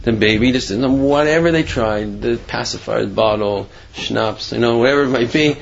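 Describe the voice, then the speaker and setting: A man tells a religious tale in a casual, rambling way and keeps circling back with "you know." His pitch sits in the middle. The recording is dull, with a faint hiss behind him. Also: moderate pace, gravelly. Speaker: storyteller.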